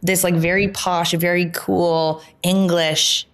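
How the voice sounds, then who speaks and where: A woman guest speaks in a slightly low voice, recounting her past in a casual, animated way. She laughs often and talks with lots of "like" and quick asides. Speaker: podcast guest, founder. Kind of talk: casual interview chat.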